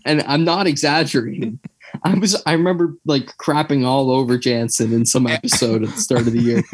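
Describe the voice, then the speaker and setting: A young man co-hosting a podcast chats casually, rambling with lots of fillers and tangents. His mid-range voice is brisk and slightly rough, with no echo.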